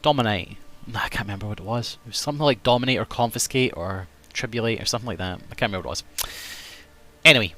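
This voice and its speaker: A man's voice: fairly low pitch, rapid-fire, few pauses, fairly bright tone. A man with an English accent chatting casually on a live game stream, self-mocking and talkative.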